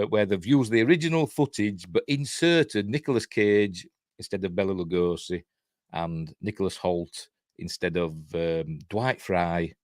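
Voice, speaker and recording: A man's voice: fairly low pitch, dry recording, studio quality. A man with a Yorkshire accent giving a casual, rambling film commentary full of trivia asides. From Yorkshire, England. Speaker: film reviewer.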